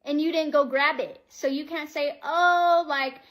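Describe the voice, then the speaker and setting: A woman's voice: high voice, fairly even intonation, moderate pace. A woman in a social media video clip, telling her side of the story in a defensive, aggrieved way.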